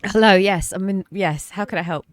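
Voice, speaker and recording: A woman's voice: medium pitch, moderate pace, no echo, clean studio sound. A woman streaming a roleplay game as an HR rep, giggling helplessly and teary from laughing. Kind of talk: live-streamed roleplay chat.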